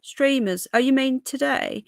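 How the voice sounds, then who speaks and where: Livestream host, woman, soft Brummie lilt with a Yorkshire edge, rambling chat, slightly high voice. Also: measured pace, creaky, dry recording, studio quality. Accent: toned-down Birmingham with a bit of Yorkshire. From Birmingham, England. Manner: chatty, rambling, reads out viewer comments. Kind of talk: casual live-stream chat reading comments.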